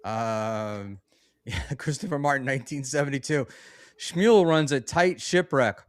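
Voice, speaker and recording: Man, stream host, casual chat, smooth voice, dry sound. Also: medium pitch, normal speed, dry recording. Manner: bossy, reads out donations. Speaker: podcast host.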